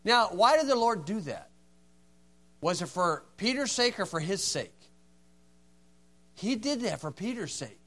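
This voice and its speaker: A man preaching a folksy sermon, acting out dialogue and swinging from hushed tones to loud, forceful lines. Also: high-pitched, sing-song, unhurried, long pauses.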